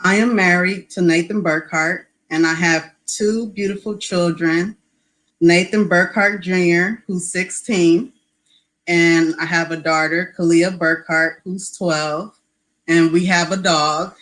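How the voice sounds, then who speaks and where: A woman in her forties from Los Angeles, a guest artist answering interview questions over a video call in an unhurried, soft-spoken way. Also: fairly low pitch, steady tone, poor audio. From Los Angeles, California.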